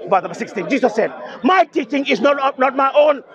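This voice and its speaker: Emphatic high-voiced man debating outdoors. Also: animated, fairly quick. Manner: emphatic, repetitive, insistent. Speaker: street debater. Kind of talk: open-air religious debate. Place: outdoor park speakers' corner. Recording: dull outdoor recording with crowd. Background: crowd noise.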